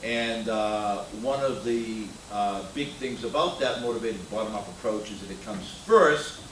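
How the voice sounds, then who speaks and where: An older man delivers a keynote in a conference hall, opinionated and full of anecdotes, with frequent filler words. His voice is lowish and a bit bright, and his pace is measured. A distant mic picks up roomy hall sound along with a slight hiss or hum.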